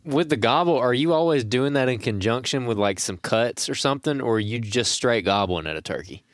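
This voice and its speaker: A man's voice: mid-range voice, expressive, brisk, dry recording. A man hosting a podcast, asking a guest a casual follow-up question in a studio. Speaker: podcast host. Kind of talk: interview questions.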